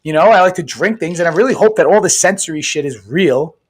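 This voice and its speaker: Podcast guy, super animated voice all over the place, swears a ton, keeps going "right?". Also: a little high, quick pace, slightly rough. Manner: animated, profane, emphatic, keeps asking "right?". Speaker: podcast co-host. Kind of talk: casual chat.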